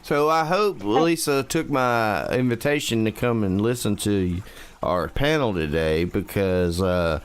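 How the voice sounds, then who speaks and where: A man's voice: on the low side, animated, measured pace, clear, resonant tone. A man, co-hosting a livestream in an easygoing, rambling way. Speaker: livestream co-host. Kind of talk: casual livestream chat.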